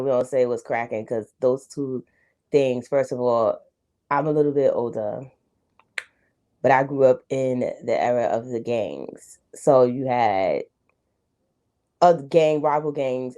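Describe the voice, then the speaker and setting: Animated New York woman, very low voice. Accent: New York African American English. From United States. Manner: animated, slangy, emphatic. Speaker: reaction video host. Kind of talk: casual reaction commentary.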